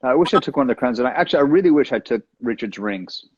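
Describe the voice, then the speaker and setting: A man talks quickly with a husky edge, tossing off jokes and asides as a guest. His voice comes through a dull, muffled video call line. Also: mid-range voice, animated. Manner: playful, joking, quick asides. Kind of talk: casual chat.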